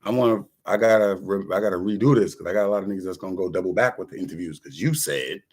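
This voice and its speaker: A man's voice: low-pitched, racing, soft background music. A man in a casual, rambling monologue, talking in profane street slang, jumping between topics and acting out what other people said. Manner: animated, jumps between topics. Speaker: rapper talking to camera.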